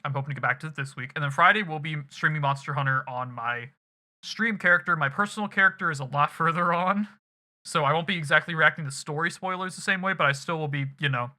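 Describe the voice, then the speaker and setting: Bright-voiced male streamer chatting casually. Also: a little high. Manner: rambling, casual, swears freely. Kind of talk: casual end-of-stream chat. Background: music playing in the background.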